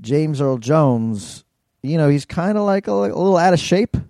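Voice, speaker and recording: A man's voice: fairly high pitch, lively intonation, moderate pace, creaky, dark tone, no room sound, clean studio sound. A man co-hosting a podcast, giving blunt, opinionated takes in casual chat and swearing freely. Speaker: podcast co-host.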